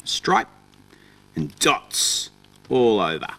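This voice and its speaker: A young man presenting a children's TV show, talking slowly and playfully in a sing-song way for small children. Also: mid-range voice, huge pitch swings, fairly bright tone. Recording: music playing along.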